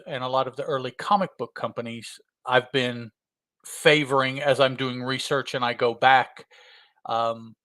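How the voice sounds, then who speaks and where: A man co-hosting a podcast, rambling and hesitant, with a bright, forceful tone. The sound is dry and close to the mic. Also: medium pitch, dry recording. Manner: rambling, hesitant, many fillers and restarts. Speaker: podcast co-host. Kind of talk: casual podcast chat.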